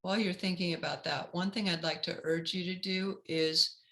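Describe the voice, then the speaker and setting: A woman career counselor giving a webinar talk in a measured, instructive way. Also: fairly low pitch, steady tone, a bit bright, low-quality recording.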